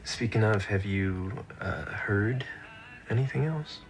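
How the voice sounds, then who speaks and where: An actor playing a guarded, streetwise small-time dealer who has turned informant. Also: male voice, lowish voice, lively intonation, slow. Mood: tender. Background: film score music.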